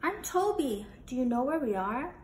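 Brief: woman doing anxious boy poodle pup, high voice, rattles off worried questions, storybook, faint background noise. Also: very animated, roomy sound. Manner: nervous, rapid-fire questions. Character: anxious little male toy poodle puppy.

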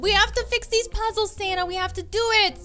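A woman's voice: very high voice, steady tone, fast talker, pushed and bright. A woman co-playing a game, panicky and breathless but encouraging her partner. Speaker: co-player. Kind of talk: Roblox let's play chat. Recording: game video with background music.

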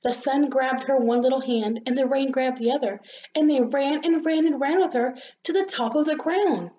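A woman reading a children's story aloud in an expressive, gentle storytelling manner. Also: sits high, normal speed. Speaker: storybook reader. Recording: slightly dull lo-fi recording.

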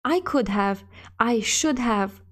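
A woman's voice: on the high side, animated, slow pace. A woman reading the part of a middle-aged male sheriff, heavy with guilt and self-reproach, in a storybook reading. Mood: troubled.

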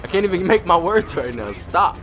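A young man doing profane, excitable let's-play commentary. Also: high-pitched, brisk, over music. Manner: profane, excitable trash talk. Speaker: gamer commentator.

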